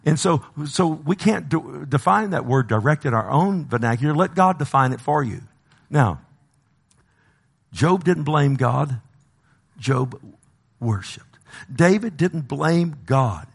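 A man's voice: mid-range voice, gravelly. A man preaching a sermon, often asking the congregation for an "amen" and playfully acting out dialogue with God. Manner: preaching with call-and-response asides, acting out God's voice. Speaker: pastor.

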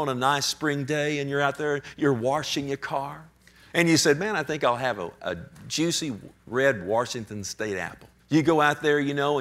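A man preaches to his church in an animated style, pushing his slightly high voice up for emphasis and then sinking to a near-whisper. He breaks into little acted voices of people from his stories as he talks. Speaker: pastor. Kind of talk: sermon.

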